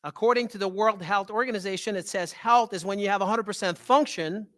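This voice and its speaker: Speaking a bit fast in a high voice, this French Canadian-accented man, a holistic health doctor, addresses a live audience with animated energy. He keeps checking in with "right?".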